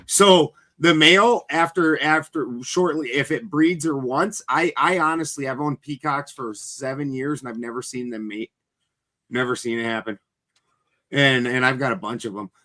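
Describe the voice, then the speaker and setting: A man's voice: mid-range voice, moderate pace, sharp tone. A man in casual chat, telling loose, rambling stories and swearing freely.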